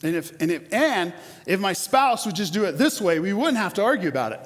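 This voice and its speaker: A fairly high-voiced man in his forties delivers a sermon as a pastor, chatty and animated, stumbling over repeated words as he builds each point. His voice rings with a long reverb, as in a large church hall. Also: a little fast. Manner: conversational, animated, repeats words when starting sentences.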